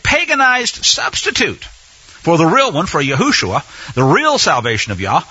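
A man's voice: high-pitched, huge pitch swings, moderate pace, sharp tone, slightly rough, no room sound. A man teaching a sermon-style Bible lesson. He speaks emphatically, asks rhetorical questions and repeats phrases for effect. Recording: dull, dry lo-fi sound.

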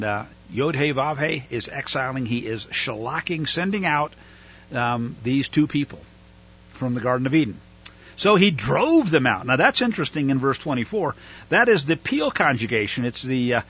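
A man teaching through the Bible verse by verse, pausing with fillers to explain Hebrew words. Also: fairly high pitch, a bit bright, slightly rough, dull audio.

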